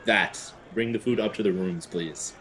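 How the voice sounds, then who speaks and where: Tabletop player, male, low-pitched, hesitant and polite. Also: normal speed, a bit bright, husky. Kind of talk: playing a tabletop game.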